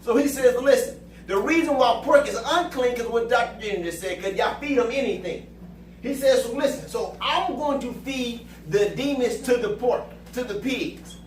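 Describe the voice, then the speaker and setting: With an extremely high-pitched voice at normal speed, a pastor leads a Bible study in a church room, preaching to the group in an exclamatory, call-and-response way. Background noise and roomy echo come through the distant mic.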